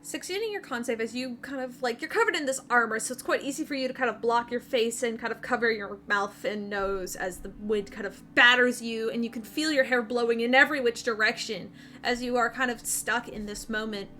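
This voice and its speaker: A woman running a tabletop game over a voice call, her voice high and bright. She narrates scenes in a loose, descriptive way with fillers and restarts along the way. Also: brisk, few pauses. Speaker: game master. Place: home, online voice call.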